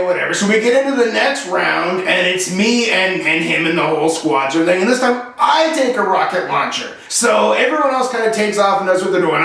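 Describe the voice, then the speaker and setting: A man tells a comic story on his own show with sarcastic, animated delivery. His voice is high. It is heard from a distance in a strongly reverberant room.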